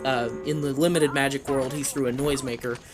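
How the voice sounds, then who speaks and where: A man's voice: medium pitch, fairly even intonation, brisk, over music. A man casually recounting a tabletop game session, rambling with fillers and chuckles. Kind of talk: casual storytelling.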